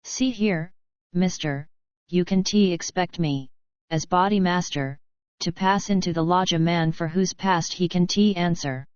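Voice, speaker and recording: A woman voicing a blunt, hot-tempered gang boss man in an audiobook, spoken slowly and smoothly, low-ish pitch, dry dull lo-fi sound. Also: no echo, lightly acted. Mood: gruff. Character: gruff menacing male lodge boss.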